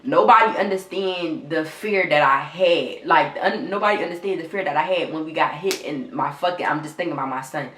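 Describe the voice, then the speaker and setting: Low-voiced woman vlogger, near tears. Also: fairly quick, hardly any pauses, fairly bright tone, roomy sound, a little hiss or hum. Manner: raw, repetitive, swears often, talks straight to viewers. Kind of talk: emotional storytime vlog.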